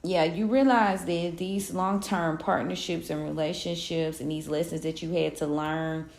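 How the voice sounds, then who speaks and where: A woman with a low, gravelly voice gives a casual tarot reading full of slang and pep-talk encouragement. The sound is echoey, as if from a bare room. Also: steady tone, moderate pace, darkish tone. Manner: loose, slangy pep-talk delivery with frequent laughs. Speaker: tarot reader.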